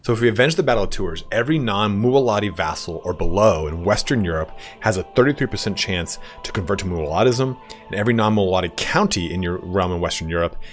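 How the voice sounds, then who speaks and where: A deep-voiced man talking through a strategy game on a stream. He is relaxed and chatty, says "dude" often, and soft music runs quietly underneath. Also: brisk. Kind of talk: casual gaming commentary.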